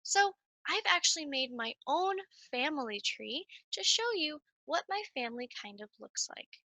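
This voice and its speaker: A woman giving a lively, sing-song nature lesson to young children while playing a coyote mascot. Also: high-pitched, moderate pace, no room sound. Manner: animated, sing-song, speaks straight to children.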